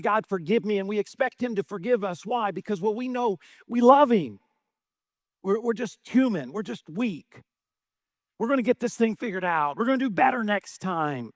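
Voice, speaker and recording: A man's voice: high voice, dry recording, studio quality. A middle-aged male pastor preaching a sermon, asking rhetorical questions and often adding "right?".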